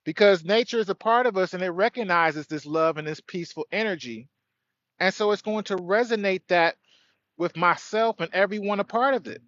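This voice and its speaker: A man's voice: high-pitched, a bit bright, muffled recording. A man hosting an outdoor spiritual livestream, speaking earnestly and greeting viewers by name. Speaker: livestream host. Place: outdoors by a tree.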